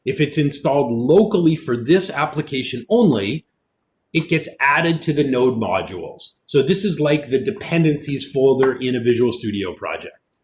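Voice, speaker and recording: A man, a college instructor, giving a relaxed online programming lecture, explaining as he goes with fillers, with keyboard typing in the background. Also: mid-range voice, moderate pace, slight background noise. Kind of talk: recorded online lecture with screen demo.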